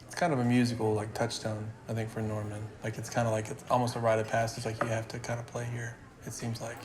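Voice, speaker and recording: A man's voice: lowish voice, completely flat delivery, fast talker. A man hosting a casual interview, asking loose questions full of filler words. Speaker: interviewer host.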